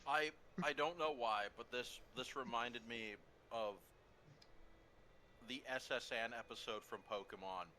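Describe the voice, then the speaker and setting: Male player, casual pre-game chat, rambling storyteller, bright tone. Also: medium pitch, measured pace, a little hiss or hum.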